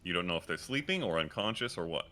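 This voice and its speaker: A man acting as dungeon master, narrating a tabletop game scene slowly and descriptively, with frequent fillers. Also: sits low, lively intonation, pushed and bright.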